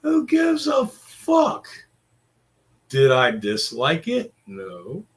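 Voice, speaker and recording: A man's voice: a little high, wildly swooping pitch, drawn-out words. A middle-aged man, ranting casually in a crude, profane, rambling way. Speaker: vlogger.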